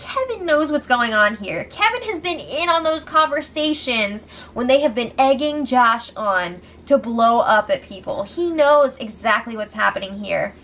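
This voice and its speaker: A woman with a somewhat high voice gives an animated, gossipy recap of a reality show. She speaks casually and swears freely as she tells it. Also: unhurried, few pauses.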